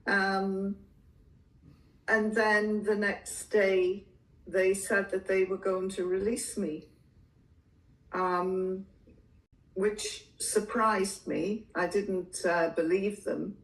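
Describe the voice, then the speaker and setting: An older woman speaks in an unhurried, measured way, pausing as she recounts events. Her voice sits in a middle register and sounds a little distant from the microphone. The room around her is noticeably reverberant. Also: medium pitch, flat delivery. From England. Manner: slow, measured storytelling with occasional laughs. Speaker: interview guest. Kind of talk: storytelling interview.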